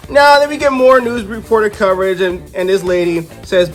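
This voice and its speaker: Casual comic reviewer narrating a plot recap, amused and animated, lively pitch over faint music. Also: fairly quick, few pauses. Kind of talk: casual story retelling.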